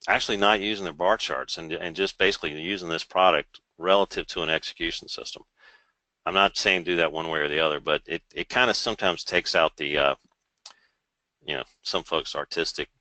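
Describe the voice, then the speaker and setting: A man presenting a live trading webinar, explaining charts informally and turning to a sales pitch with dry sarcastic asides. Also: sharp tone, no echo, rough recording.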